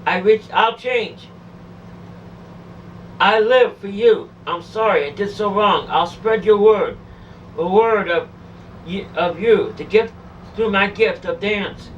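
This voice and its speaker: A woman's voice: mid-range voice, slow pace, long pauses, far from the mic, dull audio, a little hiss or hum. A woman telling a first-person testimony of a near-death experience, pleading, emotional and repetitive.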